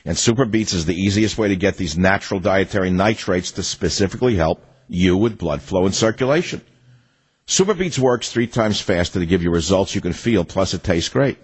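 A man's voice: deep voice, expressive, brisk, slightly rough, rough recording. An older man hosting a political talk radio show, reading an ad and then ranting in a combative, mocking way.

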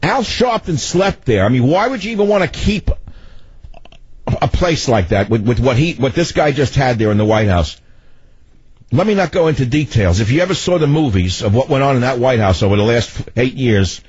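An older man hosting political talk radio, ranting in a loud, commanding voice. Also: medium pitch, sing-song, moderate pace, no room sound. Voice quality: husky. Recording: dull lo-fi radio broadcast.

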